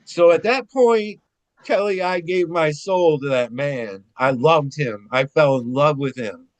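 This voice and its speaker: A man telling personal stories in a casual conversation, rambling and animated, with frequent restarts and some swearing. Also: fairly high pitch, a little slow, no room sound. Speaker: guest.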